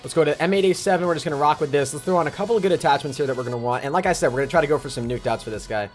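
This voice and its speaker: A young man live-streaming a video game, greeting viewers by name in rapid casual shoutouts and chatting about his plans. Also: a little high. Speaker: livestreamer. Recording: faint music behind.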